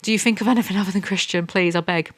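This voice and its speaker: A woman's voice: medium pitch, rapid-fire. A woman reviewing a romance novel in a comedic rant, reading passages aloud and mocking them with sarcastic asides. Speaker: book reviewer.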